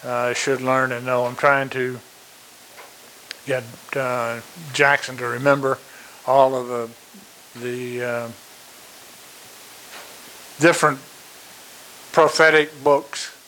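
A man preaching a sermon. He speaks slowly and deliberately, stresses his key points by repeating them, and pauses on fillers. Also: mid-range voice, flat delivery, pushed and bright, slight background noise, rough recording.

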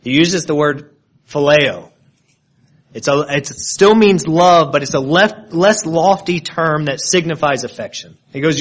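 A man's voice: a little high, unhurried. A man preaching an expository sermon, explaining word meanings with frequent restarts and repeated words.

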